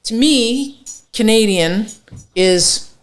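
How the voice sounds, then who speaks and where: Woman chef spinning a lively tale. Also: fairly high pitch, extremely slow. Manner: swears freely, acts out quoted dialogue. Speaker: chef, podcast guest. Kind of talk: animated storytelling in casual chat.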